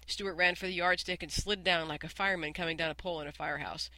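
Bright, high-voiced male storybook narrator. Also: fairly even intonation, quick pace, few pauses, no echo, low-quality recording. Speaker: audiobook narrator.

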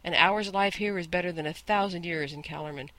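A man's voice: high-pitched, a little fast, pushed and bright. A man voicing a proud, bossy talking male war horse who speaks in a grand, lecturing, scornful way. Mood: longing.

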